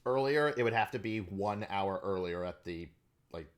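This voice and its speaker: A man in a tabletop group, asking about the schedule in halting casual speech. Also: lowish voice. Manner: halting, repeats words. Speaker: tabletop player. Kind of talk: casual chat on a voice call.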